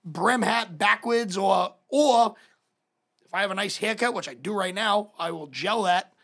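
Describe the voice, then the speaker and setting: Husky guy on a podcast. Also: high voice, measured pace, a bit bright. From Boston. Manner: laid-back, profane storytelling. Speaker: podcast co-host. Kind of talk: casual chat.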